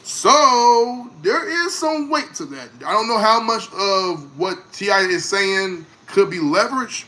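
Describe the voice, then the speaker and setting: A man hosts a casual music reaction, speaking animatedly but slowly in a high-pitched voice. He tends to repeat words and trail off into fillers.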